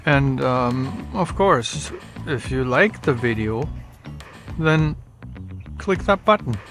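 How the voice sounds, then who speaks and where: A middle-aged man chatting casually to camera from a chilly greenhouse in the early morning, relaxed and unhurried, sometimes eating as he talks. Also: medium pitch, faint music behind. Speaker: YouTube vlogger. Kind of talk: casual vlog talk to camera.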